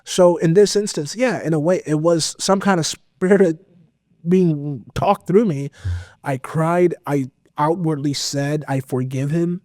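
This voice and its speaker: A man guest on a podcast, telling a personal story in a casual, animated way with lots of fillers. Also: a little high, measured pace, no room sound, studio quality. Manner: animated, expressive, full of fillers. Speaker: podcast guest, metal vocalist.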